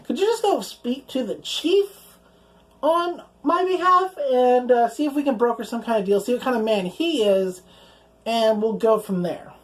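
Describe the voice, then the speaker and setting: A young woman recaps anime episodes in a loose, conversational way. Her voice sits a little higher than most, and she keeps things casual with plenty of "like" and easy profanity. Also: unhurried, low-quality recording. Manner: chatty, fills speech with "like", swears casually, acts out quoted lines in passing. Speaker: anime reviewer.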